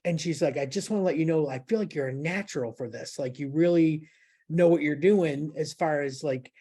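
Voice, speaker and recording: A woman's voice: low-pitched, a little fast, dark tone, slightly rough. A woman hosting a podcast, chatting casually and telling a story with lots of fillers and restarts. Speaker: podcast host. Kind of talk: casual chat.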